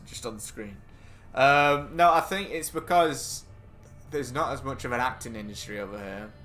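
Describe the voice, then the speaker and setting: Excitable man streaming. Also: medium pitch. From England. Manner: rambling and excitable, swears freely, talks to friends on a call. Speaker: game streamer. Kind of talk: casual chat while gaming.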